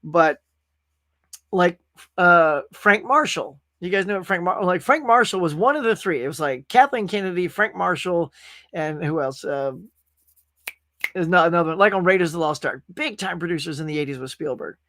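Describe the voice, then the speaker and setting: A man's voice: sits high, expressive, moderate pace, sharp tone, dry recording. A man hosting a casual pop-culture live stream, rambling through stories and reading viewer comments aloud. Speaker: podcast host.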